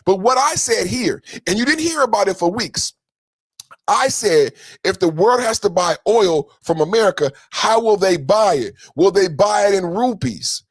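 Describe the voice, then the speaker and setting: Man, high voice, emphatic taunting rant, sing-song jabs, dry close sound. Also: lively intonation, normal speed, slightly rough, no room sound. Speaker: podcast host. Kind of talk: political commentary rant.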